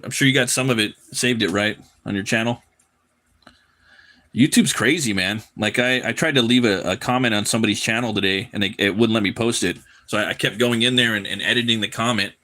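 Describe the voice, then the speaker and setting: A man's voice: fairly low pitch, steady tone, a little fast, bright, forceful tone. A man chatting casually on a live drawing stream, loose and profane, often repeating his words as he rambles. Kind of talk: casual chat while drawing.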